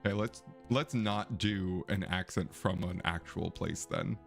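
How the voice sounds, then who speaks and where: A man casually commenting on a mystery game while reading its text aloud, animated and excitable, laughing often and talking to his chat. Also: deep voice, unhurried, gravelly, soft background music. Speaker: let's play streamer.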